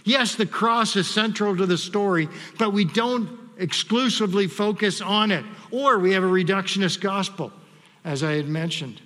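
A man preaching a sermon to a congregation as pastor, reading scripture aloud in a measured way and calling on the people to say words back. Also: high-pitched, bright, forceful tone. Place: church sanctuary. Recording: long hall reverb.

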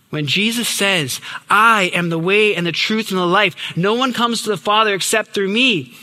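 A young preacher delivers a sermon with earnest emphasis, letting key words fall low and quiet. His fairly high voice is very bright and forceful, trailing a long reverberant hall tail.

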